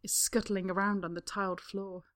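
A woman narrating a story in a calm, even reading voice. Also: mid-range voice, normal speed. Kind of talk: storybook reading of fan fiction.

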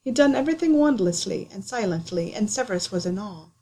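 A woman reading a story aloud in calm, even narration. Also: medium pitch, brisk. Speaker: audiobook reader. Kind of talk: scripted narration.

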